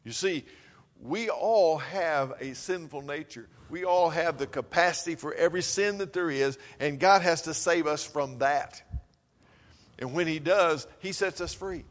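A man preaching a sermon, swinging between loud, urgent calls and low, quiet passages. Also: a little slow, in a large hall.

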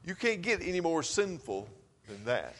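A man preaching a sermon, swinging between loud, urgent calls and low, quiet passages. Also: very animated, moderate pace, in a large hall.

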